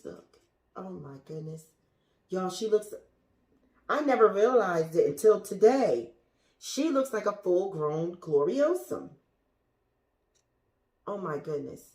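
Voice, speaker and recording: A woman's voice: mid-range voice, darkish tone. A woman in a plain middle voice, gushing over her houseplants in a loose, chatty way and talking straight to her viewers. At times she drops to a whisper. The sound is echoey, as if recorded in a bare room. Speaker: plant vlogger. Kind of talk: casual show-and-tell to viewers. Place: indoors among houseplants.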